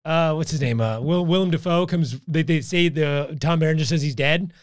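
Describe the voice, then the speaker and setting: A man co-hosting a casual podcast, rambling through his stories with lots of fillers, restarts and swearing. His voice is smooth and resonant and sits a little high. The recording is dry and close. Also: normal speed, dry recording. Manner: rambling storyteller, profane, with many fillers and restarts. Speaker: podcast co-host. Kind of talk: casual chat.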